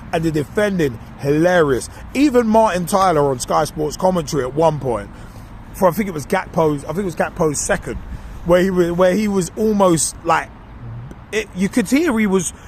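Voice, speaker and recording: A man co-hosting a podcast, delivering a casual, animated and mocking football opinion monologue. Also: on the high side, slight background noise. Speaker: podcast co-host.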